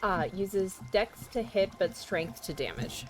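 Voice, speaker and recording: A woman's voice: medium pitch, expressive, slow, faint music behind. A woman playing in a tabletop game, talking matter-of-factly through the rules and her plans. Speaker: player.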